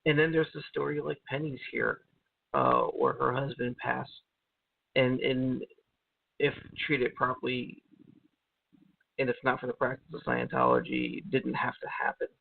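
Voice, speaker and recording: A man hosting a podcast, introducing the episode in a halting way with many fillers. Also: mid-range voice, sing-song, vocal fry, no room sound. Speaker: podcast host. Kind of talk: show introduction. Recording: distant, lo-fi phone-like sound.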